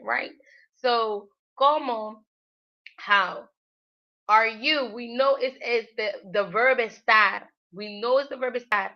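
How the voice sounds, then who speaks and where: A woman hosting a casual Spanish-learning livestream, chatty and full of fillers, often laughing at herself. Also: fairly high pitch. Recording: dull lo-fi livestream audio.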